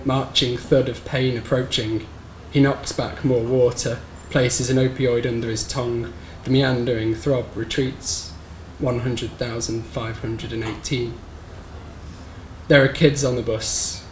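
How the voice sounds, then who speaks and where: A man reading his own short story aloud at a live bookshop event, in a measured, somber storytelling manner. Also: medium pitch. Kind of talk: live reading of literary fiction. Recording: roomy live recording with faint background noise.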